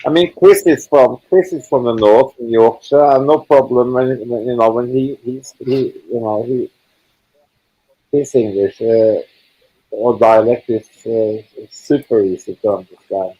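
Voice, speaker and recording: A man's voice: medium pitch, steady tone, measured pace, warm tone, slightly rough, highs cut off. Blunt rambling man in casual chat. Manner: blunt, swearing, rambling with restarts. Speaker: live chat participant. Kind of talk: casual group video chat.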